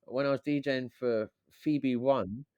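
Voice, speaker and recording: A man, a DJ and beat maker who is a guest on a podcast, telling stories in a lively, swearing, casual way and acting out what others said. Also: mid-range voice, measured pace, dry recording, dull audio. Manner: animated, swears freely, acts out quotes. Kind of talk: casual storytelling chat.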